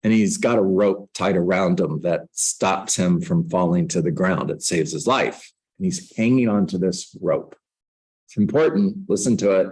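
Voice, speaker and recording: A man's voice: low voice, normal speed, darkish tone, breathy edge, poor audio. A middle-aged man coaching real estate agents, teaching a class on a book in a conversational way, with self-mocking jokes.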